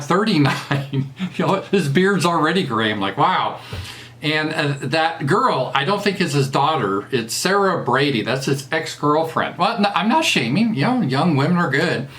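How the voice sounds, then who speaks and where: A man's voice: a little high, a bit bright. A man with a Southern US accent doing a casual commentary monologue, mocking and crude, laughing at his own jokes. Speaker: political commentator.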